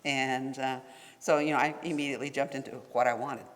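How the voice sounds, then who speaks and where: A man's voice: medium pitch, fairly even intonation, fast talker. A man speaking as a tribal leader, telling a wry anecdote at a symposium. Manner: storytelling, wry, chuckling. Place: conference hall. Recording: long reverb of a hall.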